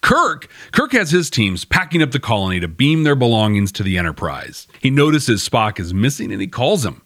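A man hosting a podcast, recapping a TV episode in a chatty, wry way. His mid-pitched voice swings around lively. The recording is dry and close. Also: moderate pace, no echo. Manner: chatty and wry, laughing at his own jokes. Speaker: podcast host. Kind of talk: casual episode review narration.

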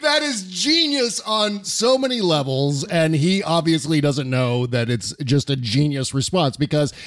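A man's voice: on the high side, lively intonation, unhurried, a bit bright. A man hosting a podcast, chatting casually and laughing along with his guest's stories. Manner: laughs often, joking interjections. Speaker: podcast host. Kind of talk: casual chat.

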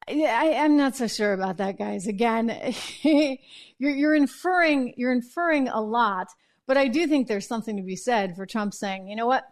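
Chatty, sarcastic woman hosting a commentary show. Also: on the high side. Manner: chatty and sarcastic, with quick asides and self-corrections. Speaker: host of a political commentary show. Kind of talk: opinionated political commentary.

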